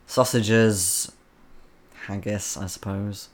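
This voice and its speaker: A man's voice: on the low side, fairly even intonation, slow pace. A man from the Isle of Man hosting a live stream, chatting casually and reading out viewer comments, rambling with frequent ums. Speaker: livestream host reading chat.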